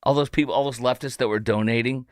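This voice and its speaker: A man's voice: mid-range voice, steady tone, fast talker, no echo, studio quality. A man hosting a political commentary show, talking in a sarcastic, mocking way. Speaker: host.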